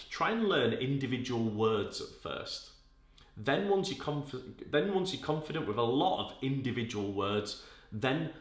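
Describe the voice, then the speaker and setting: A man's voice: mid-range voice, fairly bright tone. A man hosting acting tips, giving casual advice to camera as a dialect coach in a chatty, conversational way. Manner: chatty, conversational, uses filler words. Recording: echoey room.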